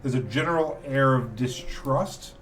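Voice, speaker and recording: A man narrating as game master for a tabletop game, relaxed and rambling with fillers. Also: mid-range voice, measured pace, over music.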